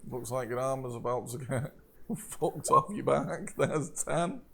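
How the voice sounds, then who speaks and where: A man's voice: medium pitch, a little slow, gravelly, slightly rough. A man running a tabletop game as game master, narrating rolls and laughing often as he goes. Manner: laughs often while narrating, relaxed and jokey.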